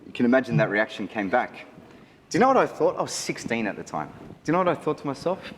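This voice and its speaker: An Australian man giving a wedding photography seminar, chatty and animated, often asking the audience questions. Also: mid-range voice, fast talker, slight background noise. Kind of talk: live seminar talk to an audience. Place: large hall. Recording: reverberant hall with faint ambience.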